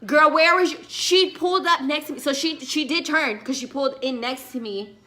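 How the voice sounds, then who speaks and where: A woman's voice: sits high, moderate pace, sharp tone. A young woman vlogger telling a story in a casual, sassy way, with lots of asides to her viewers.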